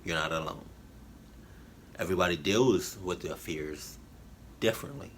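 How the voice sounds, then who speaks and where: A man giving halting, emotional commentary on a reaction video, full of fillers and restarts. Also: sits low, a bit bright, a little hiss or hum. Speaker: YouTube reactor. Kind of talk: rambling heartfelt commentary.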